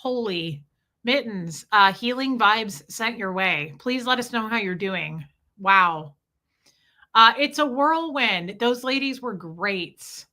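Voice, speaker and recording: A woman's voice: mid-range voice, expressive, slow pace, sharp tone. A woman hosting a casual livestream, greeting viewers by name one after another. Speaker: livestream host.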